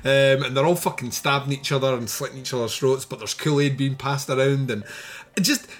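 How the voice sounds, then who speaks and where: A man co-hosting a podcast reviews a film in casual, animated chat, laughing often and swearing freely. His voice is mid-range and fairly quick.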